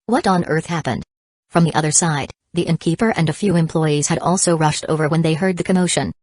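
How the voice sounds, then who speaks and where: Brief: female audiobook narrator, deep for a woman, steady delivery, dry booth sound. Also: quick pace, no room sound. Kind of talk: scripted narration.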